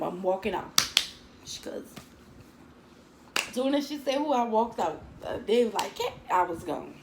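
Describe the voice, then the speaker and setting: A woman's voice: a little high, background noise. A woman telling a story from her school days to her viewers in a chatty, dramatic way, calling them girl and baby. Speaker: storytime vlogger.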